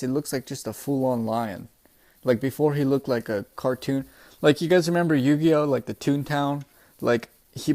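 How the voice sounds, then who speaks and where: Excitable young man, casual and profane. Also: mid-range voice. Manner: excitable, profane, peppered with "bro". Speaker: manga chapter reviewer. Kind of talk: casual recap and commentary.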